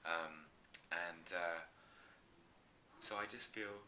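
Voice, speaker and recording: Low-voiced, bright-toned earnest man. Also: takes it slowly, a little hiss or hum. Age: 30s. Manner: earnest, effusive, with many restarts and ums. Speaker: actor, interview guest. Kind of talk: casual interview chat.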